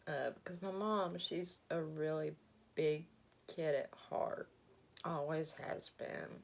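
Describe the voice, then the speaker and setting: A woman with a Southern Alabama accent, telling a story in a rambling, halting way as she eats and talks with her mouth full. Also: deep voice, fairly even intonation, gravelly. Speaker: vlogger. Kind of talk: casual storytelling while eating.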